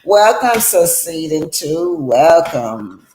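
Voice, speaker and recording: A woman's voice: deep voice, sing-song, slow pace, a little mellow, reverberant, slight background noise, low-quality recording. A woman hosting a livestream, commenting emphatically and welcoming callers. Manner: emphatic, addresses viewers directly. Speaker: livestream host.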